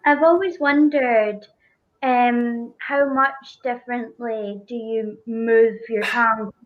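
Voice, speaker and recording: A chatty, curious woman co-hosts a casual livestream and swears now and then. Her voice sits a little high. The audio is dull and lo-fi. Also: steady tone, slow. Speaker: co-host.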